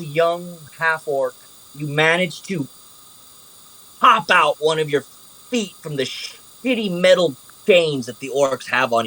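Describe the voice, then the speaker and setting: A man narrating a tabletop game as game master, animated and casual, swearing freely. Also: a little high, poor audio.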